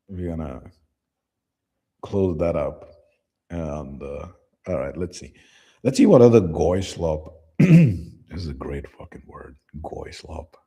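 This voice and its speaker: A man's voice: a bass voice, warm tone, slightly rough. A man giving casual, rambling livestream commentary in a loose, profane manner. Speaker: streamer reacting to clips.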